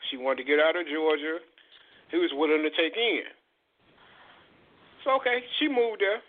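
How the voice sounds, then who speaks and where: A man's voice: fairly high pitch, moderate pace. A man, hosting a radio show and telling a heated, profane story in casual chat. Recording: tinny phone-like radio audio.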